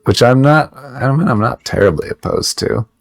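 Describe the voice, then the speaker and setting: A man's voice: mid-range voice, expressive, moderate pace, gravelly, no room sound. A man co-hosting a podcast, chatting in a loose, rambling, joking way. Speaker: podcast co-host. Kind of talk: casual podcast chat.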